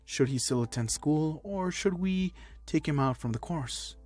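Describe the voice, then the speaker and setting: A man's voice: a little high, expressive, a little slow, a little mellow, no echo, soft background music, pitched above the performer's own voice. A man voicing a polite, puzzled school principal who is an animal.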